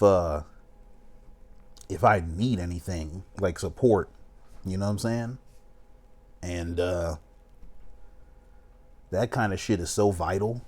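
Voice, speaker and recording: Man, young, casual preachy reaction talk, lowish voice. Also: darkish tone. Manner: emphatic, preachy, keeps saying "you know what I'm saying". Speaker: reaction video host. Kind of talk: casual commentary.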